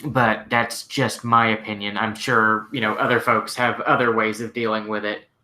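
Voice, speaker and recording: Male host, shop mechanic, bright tone, casual Q&A, easygoing, filler-heavy. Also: on the low side, normal speed. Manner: relaxed, rambling, frequent fillers like "like" and "you know". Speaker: host answering viewer questions. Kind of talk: casual live-stream Q&A.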